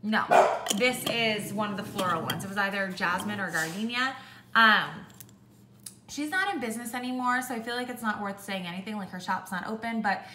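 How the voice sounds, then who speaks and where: A young woman chatting casually through a product review, with lots of "like" and an animated way of telling stories. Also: medium pitch, brisk, background noise. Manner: chatty, heavy use of "like", animated when ranting. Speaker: beauty vlogger. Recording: echoey room.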